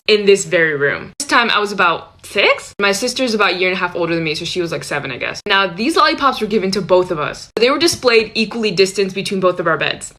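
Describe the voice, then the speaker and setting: Quick chatty woman telling a kid memory, bright voice, wry little asides. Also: medium pitch. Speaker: storyteller. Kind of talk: casual storytime narration.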